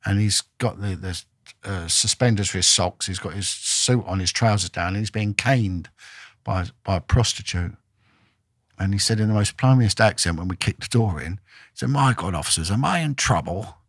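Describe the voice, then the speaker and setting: A man's voice: deep voice, normal speed, no echo, studio quality. A man, a former vice detective, telling blunt, emphatic stories as a podcast guest. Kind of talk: storytelling in a podcast interview.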